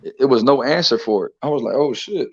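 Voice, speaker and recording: A man's voice: mid-range voice, quick pace, husky, muffled recording. A man co-hosting a casual boxing chat, talking loosely and laughing, with frequent restarts and repeated words. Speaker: boxing podcast co-host.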